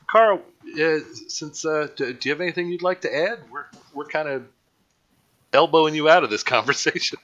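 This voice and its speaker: A man's voice: on the high side, moderate pace, a bit bright, muffled recording. A man hosting a live online show in casual chat, rambling and joking at his own expense. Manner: rambling, jokey, self-mocking. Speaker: livestream show host.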